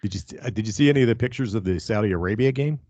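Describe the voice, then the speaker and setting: A man hosting a casual podcast chat, animated and jokey with plenty of swearing. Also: fairly low pitch, very fast, no echo, lo-fi sound. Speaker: podcast host.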